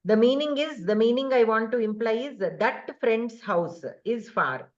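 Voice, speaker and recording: A woman teaching a grammar class over a video call, explaining patiently step by step with many pauses and fillers. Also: a little high, highs cut off.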